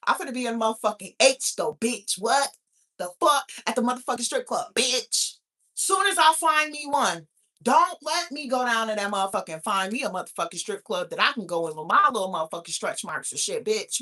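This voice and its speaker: A woman's voice: on the high side, lively intonation, moderate pace, pushed and bright. A woman in her thirties hosting a talk show, chatting casually in a brash, profane, laughing way. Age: 30s. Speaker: podcast host. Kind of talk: casual chat.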